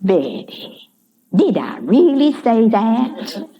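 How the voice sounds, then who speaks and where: A woman voicing a gentle, humble elderly Southern lady with a Georgia drawl and a high, breathy, fluttering voice. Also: huge pitch swings, very slow, full character voice. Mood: gentle, wistful. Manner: soft and wistful. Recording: dull lo-fi recording.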